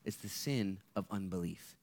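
A young man giving a casual sermon at a campus meeting as a guest speaker, joking and chatty, swinging between hushed and loud passages. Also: sits low, normal speed.

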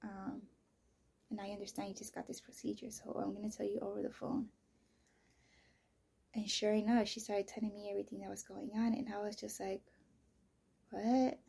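A woman with a gravelly, husky voice recounts a painful family story in a podcast, her delivery raw and emotional. She jumps from loud, strained outbursts down to hushed, almost whispered lines. Her pitch sits in a middle range for a woman. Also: level tone, fairly quick, pauses often. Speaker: mother telling her story. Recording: voice message.

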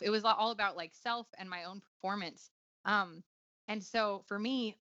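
Earnest woman, bright dry sound. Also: medium pitch, no room sound, dull audio. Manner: earnest, reflective, with many fillers and restarts. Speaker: guest author. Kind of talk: conversational interview.

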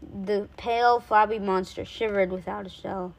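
A woman reading a children's storybook aloud, lively and with small slips she corrects. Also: medium pitch, moderate pace, gravelly, low-quality recording.

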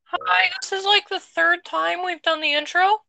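Guy doing a super high squeaky gravelly voice, sharp and bright, rambly podcast ranter. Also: steady tone, normal speed, dry recording, exaggerated voice. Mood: rambling. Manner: rambling, stumbles over words. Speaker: podcast co-host. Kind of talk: comedic podcast banter.

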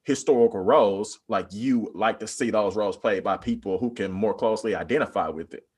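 A man's voice: on the low side, fairly quick, a little mellow, slightly rough. A man in casual podcast discussion, rambling with many "like" fillers and bursts of animation.

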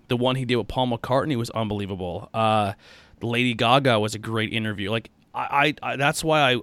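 Rambling man with a smooth voice. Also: medium pitch, a bit bright, no room sound. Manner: rambling, repeats words, frequent fillers. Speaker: podcast host. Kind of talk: casual conversational interview.

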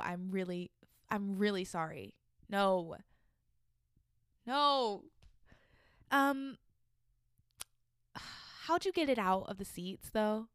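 A lively young woman hosts a solo podcast, reading listener submissions and breaking off into loud, profane reactions. Her voice sits in a middle register and is recorded close and dry, with no room sound. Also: medium pitch, takes it slowly, long pauses, clear, resonant tone, no room sound. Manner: animated, swearing, reacting loudly. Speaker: podcast host.

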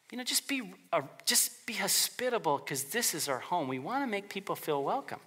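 A male pastor delivering a relaxed, conversational sermon, his voice bright and forceful. His pitch swings widely as he talks, and he slips into quick character voices for the people he quotes. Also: breathy edge.

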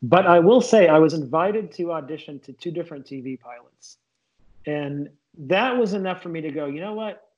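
Man, comedian guest, casual interview talk, slightly high pitch, muffled lo-fi sound. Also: animated, moderate pace, a little mellow. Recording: dull lo-fi sound.

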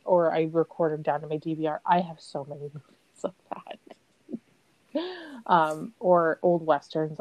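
A woman's voice: low-pitched, vocal fry, dry recording, poor audio. A woman in her thirties, a podcast host in casual chat, telling stories with lots of laughter and acted-out quotes. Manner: animated storyteller, laughs often, acts out quotes.

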